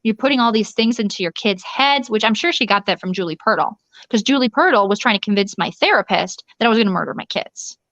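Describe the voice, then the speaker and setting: A woman at a middle pitch tells her story in an interview, urgent and rushed, restarting sentences and voicing the people she quotes. The sound is dull and lo-fi, with a dry, close feel and no room echo. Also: animated, a bit bright. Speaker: interview guest. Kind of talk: recounting a personal ordeal in an interview.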